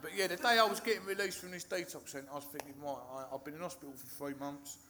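A man tells his recovery story in a frank, rough way, swearing and chuckling. He acts out the people in the tale. His voice sits a little high, over a noisy background hiss. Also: fairly even intonation, quick pace, sharp tone. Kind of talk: candid storytelling.

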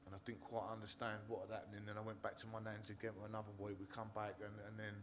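Against a noisy background, a man with a lowish voice talks rapid-fire in a monotone. He's a nervous Englishman from Hertfordshire sharing his recovery story as personal testimony with a live audience from a stage in a meeting hall, swearing frequently and restarting sentences.

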